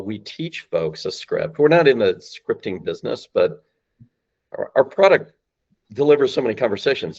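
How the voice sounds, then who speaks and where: Male podcast guest, deep-ish, very lively delivery, dull lo-fi audio. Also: husky. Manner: emphatic, acts out phone lines, rising and falling voice. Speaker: guest, sales company founder. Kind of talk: animated podcast explanation.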